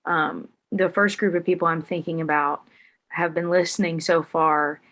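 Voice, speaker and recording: A woman host speaks in a measured, thoughtful way, with the odd filler pause as she frames a question. Her voice sits a little lower than most women's. The delivery stays casual and conversational. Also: fairly even intonation, a bit bright. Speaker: podcast host. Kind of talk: casual chat.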